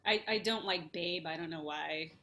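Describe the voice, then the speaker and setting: A woman's voice: lowish voice, moderate pace, bright, forceful tone. A woman in casual chat, speaking hesitantly with giggles. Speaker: study group participant.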